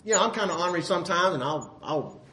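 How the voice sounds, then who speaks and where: A man preaching a sermon in a folksy way, asking the listeners rhetorical questions and often clearing his throat. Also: sits high, expressive, fast talker, pushed and bright.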